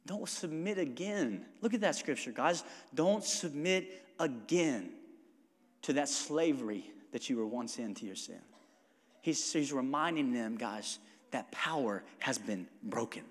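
A man preaching a sermon as pastor, moving from quiet, near-whispered passages to loud, emphatic stretches and calling on the congregation to answer back. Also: mid-range voice, animated, normal speed. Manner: calls for congregation responses. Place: church sanctuary. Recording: long hall reverb.

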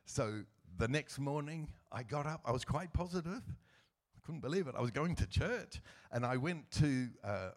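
A middle-aged man giving a personal church testimony as a guest speaker, earnest and emotional, with soft laughs as he tells his story. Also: medium pitch, animated, normal speed.

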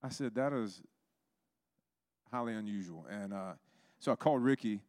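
A man's voice: fairly low pitch, normal speed, a little mellow, no echo, studio quality. A man preaching a sermon, telling stories and acting out the voices in them. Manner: storytelling, acts out quoted voices.

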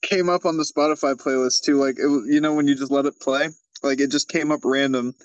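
A man's voice: medium pitch, steady tone, fairly quick, clean tone, no echo, highs cut off. A man co-hosting a casual chat over a video call, laughing often and swearing as he tells stories. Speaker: podcast co-host.

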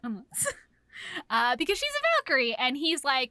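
A woman's voice: sits high, huge pitch swings, normal speed, bright, forceful tone, no room sound. A woman co-hosting a podcast, telling a book plot with lots of swearing and laughter and acting out the characters as she goes. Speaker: podcast co-host. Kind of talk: casual book chat.

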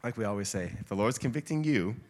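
Lively, playful man preaching a sermon. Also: lowish voice, quick pace, a little hiss or hum. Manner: lively, playful, gets the congregation shouting along. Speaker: guest preacher. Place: church hall.

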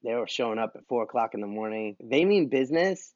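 A man co-hosting a casual podcast chat, animated and quick to laugh, rambling between topics. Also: mid-range voice, no room sound, highs cut off. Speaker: podcast co-host.

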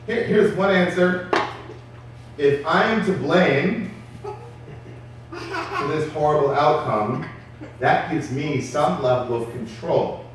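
A man preaching a sermon in a lively, conversational way with street slang. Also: fairly high pitch, measured pace, pauses often, slight background noise. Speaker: pastor. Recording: echoey hall from far off.

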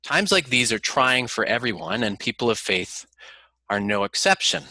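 Bright-toned man preaching, dry sound. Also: medium pitch, very animated, dry recording. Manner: earnest, measured preaching with prayer. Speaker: pastor. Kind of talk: sermon. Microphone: computer mic, online service.

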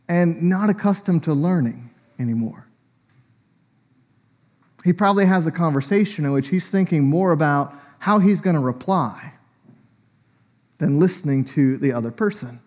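A man preaching a sermon in a conversational, animated way, laughing often as he teaches. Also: a little high.

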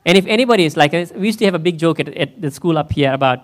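A man with a slightly high, expressive voice talks fast as he preaches a conversational sermon in church. Playing the role of pastor, he often puts questions to the congregation.

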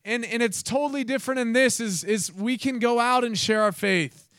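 A man's voice: very high voice, moderate pace, fairly bright tone, smooth, dry recording, clean studio sound. A man preaching a sermon, earnest, with playful asides and laughing at his own jokes.

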